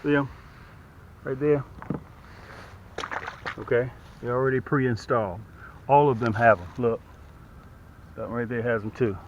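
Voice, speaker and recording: A man's voice: mid-range voice, a little slow, pauses often, a little hiss or hum. Man, middle-aged, folksy, slightly out of breath, outdoors, dull lo-fi camera sound. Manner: folksy, talks straight to viewers while working. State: out of breath from lifting. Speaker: boat dealer demonstrating a boat. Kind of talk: casual how-to demonstration. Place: outdoors by the water.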